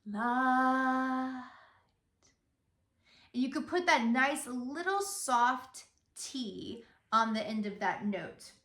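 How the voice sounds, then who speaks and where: A woman with a high, bright-pitched speaking voice guides a singing lesson at an unhurried pace. She is patient and encouraging, and she speaks lyric lines aloud to model the phrasing. The sound is roomy, with a faint bed of music behind her. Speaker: singing teacher. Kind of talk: vocal lesson with spoken demonstrations. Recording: roomy, echoey room.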